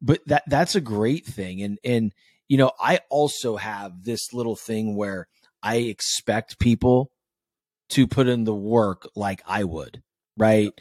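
A man with a fairly low voice, chatting as a podcast host. He is animated and jokey, and he swears freely. The sound is dry and close to the mic. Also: slow pace, no room sound. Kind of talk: casual conversation.

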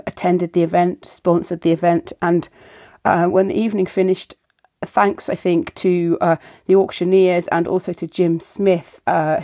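A woman with a croaky voice introducing her podcast episode in a chatty way, with a few ums. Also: lowish voice, darkish tone, no room sound, clean studio sound. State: croaky voice from a cold. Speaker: podcast host.

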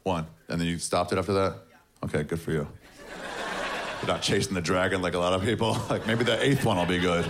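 A man doing a stand-up comedy set in front of a live audience, with a deadpan, sarcastic delivery. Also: sits low, a little fast, background noise. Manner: deadpan, sarcastic, mocking voices of others.

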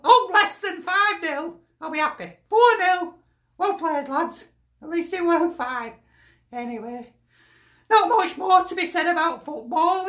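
A woman's voice: very high-pitched, bright, forceful tone, echoey room. A woman with a Lancashire accent, a football fan sending in a chatty, jokey video message and laughing often.

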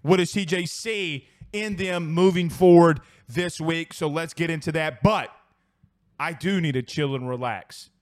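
A sports show host from South Louisiana, talking with the accent of that region. He rants hot and profane, reading live chat comments between jabs. His voice sits somewhat high for a man. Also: a little slow. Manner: heated, profane, fired-up ranting.

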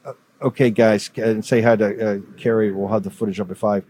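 A man hosting a political talk show, brisk and combative, rallying his audience between guests. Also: lowish voice, fairly even intonation, darkish tone, husky. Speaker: host.

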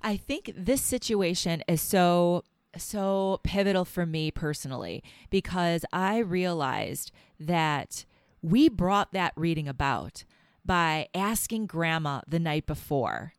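A woman co-hosting a podcast with her sister, telling stories in a casual, animated way. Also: on the low side, takes it slowly, smooth, dry recording, studio quality. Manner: storytelling, animated retelling of quotes. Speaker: podcast co-host. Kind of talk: casual chat.

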